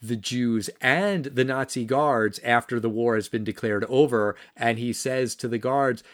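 A man's voice: mid-range voice, measured pace, no room sound. Blunt, impassioned man, dry sound. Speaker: podcast co-host. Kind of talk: casual film discussion.

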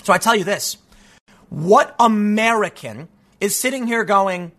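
Commentator: bright, high-pitched man with a lively, swooping delivery, sarcastic and a little congested. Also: measured pace. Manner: animated and sarcastic, with frequent mocking voices. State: stuffy from allergies. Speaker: political commentator. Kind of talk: casual opinion monologue.

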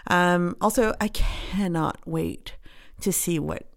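A woman with a low, gravelly voice co-hosting a book podcast. She speaks earnestly and with emphasis, often dropping short, blunt asides into the casual conversation. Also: slow pace.

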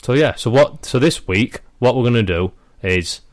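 A man's voice: mid-range voice, animated, moderate pace, no echo. A young man, co-hosting a casual podcast chat, blunt and swearing freely. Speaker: podcast co-host.

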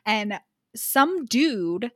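Woman podcast co-host, bubbly and laughing, slightly high voice, dry close sound. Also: very slow, no echo. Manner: animated, laughs often, many filler "like"s. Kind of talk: casual book chat.

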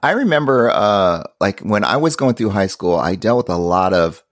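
Lively deep-voiced man, upbeat teacher. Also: normal speed, no echo, clean studio sound. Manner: upbeat, laughs often, chatty. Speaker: guest teacher. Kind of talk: casual podcast chat.

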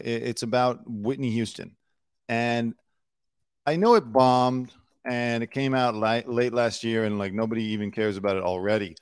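In a clean, echo-free home studio in Los Angeles, a man with a mid-range voice hosts his own solo news commentary show. He talks in a chatty, opinionated way, filling his speech with lots of fillers.

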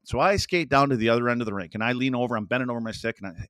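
A man's voice: medium pitch, racing, few pauses, fairly bright tone, dry recording. An older man, a podcast guest, telling casual hockey stories with rambling anecdotes and acted-out quotes. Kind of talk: casual storytelling.

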